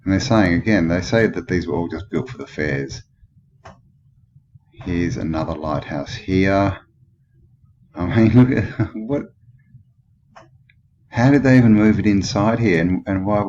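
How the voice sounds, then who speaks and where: A man's voice: sits low, unhurried, pauses often, darkish tone. An Australian man giving a rambling commentary over old photos, musing and skeptical, thinking aloud with many questions. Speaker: channel host. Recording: dull lo-fi with clear background noise.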